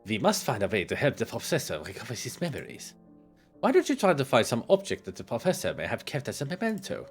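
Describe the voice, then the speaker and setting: A man streaming a game, reading its dialogue aloud in an expressive way and commenting on it. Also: mid-range voice, fast talker, soft background music. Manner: expressive, acts out lines.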